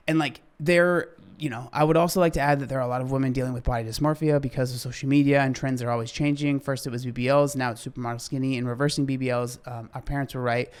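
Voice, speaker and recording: A man's voice: mid-range voice, fairly even intonation, quick pace, smooth. Earnest man giving fitness commentary. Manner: earnest, gets worked up and apologetic. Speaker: fitness commentator reacting to a clip. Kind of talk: casual reaction commentary.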